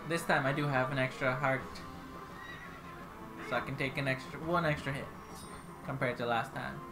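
A woman's voice: very deep voice, steady tone, normal speed. A young woman playing a video game and commenting casually, playful and teasing, with silly sound effects, over game music. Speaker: player and commentator.

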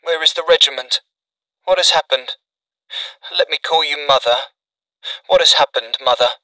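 A man's voice: on the high side, moderate pace, pushed and bright, dry recording, recorded from a distance, voice pushed up, low-quality recording. A man voicing a weak wounded young lieutenant who speaks faintly, in a storybook reading. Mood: anxious. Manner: faint, anxious questioning.

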